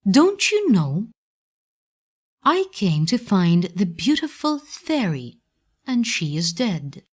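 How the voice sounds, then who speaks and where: A woman voicing a young male wooden puppet boy who is tearful and eager, speaking in a high, pleading way. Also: sing-song, slow pace.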